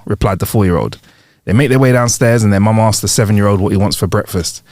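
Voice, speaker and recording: A man's voice: fairly low pitch, fast, no room sound, studio quality. A man co-hosting a comedy podcast, telling jokes aloud and laughing often. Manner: animated, laughs a lot, acts out characters in jokes. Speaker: podcast co-host. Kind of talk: joke-telling podcast chat.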